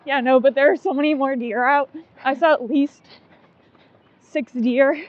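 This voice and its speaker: A woman's voice: sits high, steady tone, a little slow, muffled recording. A woman co-hosting a casual running podcast, chatty and giggly, full of likes and ums. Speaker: podcast co-host. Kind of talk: casual chat.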